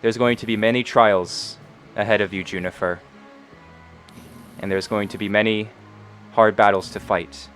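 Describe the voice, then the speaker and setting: A man voicing a humble, motherly spirit that speaks gently inside a character's mind. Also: on the low side, fairly even intonation, normal speed, long pauses, faint music behind, close to an everyday voice. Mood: gentle. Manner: soft, hushed.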